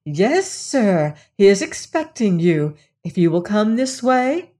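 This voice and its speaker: A woman voicing a prim, polite young housemaid who speaks respectfully and a little higher. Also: big pitch swings, slow pace, a little mellow.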